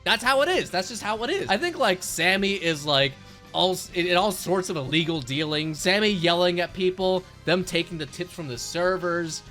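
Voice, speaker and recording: A man's voice: high-pitched, moderate pace, soft background music. A young man giving casual, sarcastic commentary, swearing freely and laughing as he ranks things. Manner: animated, profane, sarcastic, laughs often. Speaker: commentary video host.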